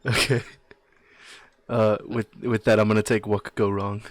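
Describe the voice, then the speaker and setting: A man playing a tabletop role-play game, loud and joking. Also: lowish voice, level tone, moderate pace, no echo. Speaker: player.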